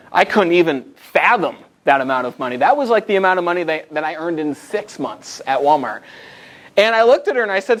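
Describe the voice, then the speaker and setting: A man in his twenties giving a live motivational presentation to a group, telling stories with lively asides to the audience. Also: a little high, brisk. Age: 20s. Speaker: motivational speaker. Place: meeting room in front of a live group.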